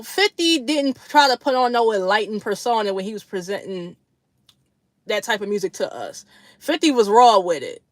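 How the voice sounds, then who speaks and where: Woman livestream host, casual chat, blunt and slangy, frequent laughter, higher voice, dry close sound. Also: no echo.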